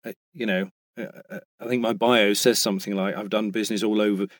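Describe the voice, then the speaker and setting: British male voice actor, relaxed guest, halting restarts, dead-dry booth sound. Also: lowish voice, dry recording. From Britain. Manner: chatty, hesitant with frequent restarts. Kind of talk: casual interview chat.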